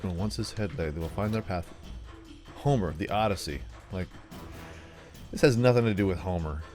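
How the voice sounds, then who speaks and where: Rambling low-voiced male gamer. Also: moderate pace, music in the background. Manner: chatty, rambling, self-mocking. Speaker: gaming video host. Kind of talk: casual let's play commentary.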